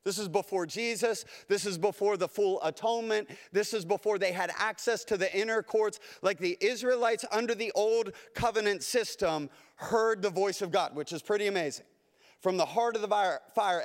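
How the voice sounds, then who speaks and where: A man's voice: high voice, big-room sound. A man who is a pastor, preaching a sermon in an earnest, emphatic way and often repeating phrases. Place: church sanctuary.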